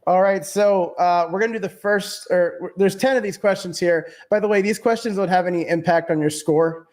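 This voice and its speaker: Man, fairly high voice, laid-back, casual podcast host, lots of fillers. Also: fairly even intonation, brisk, darkish tone. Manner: laid-back, laughs easily, filler-heavy. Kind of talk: casual gaming podcast hosting.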